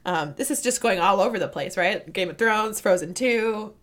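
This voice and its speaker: A woman in casual conversation who retells a story with energy, laughs often and acts out the characters' lines. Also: mid-range voice. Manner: animated, quick to laugh, acts out quoted dialogue. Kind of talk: casual chat retelling a book scene.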